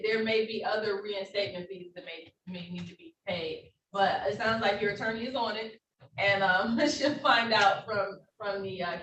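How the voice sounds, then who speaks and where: A woman's voice: mid-range voice, fairly bright tone. A woman judge running courtroom proceedings in a formal, patient, procedural manner over a video call. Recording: roomy, distant, faint noise.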